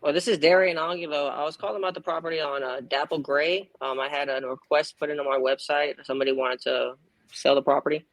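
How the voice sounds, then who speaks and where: A man's voice: on the high side, steady tone, fast, rough recording. A man from Texas making live sales calls, upbeat and slangy with a joking manner. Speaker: caller.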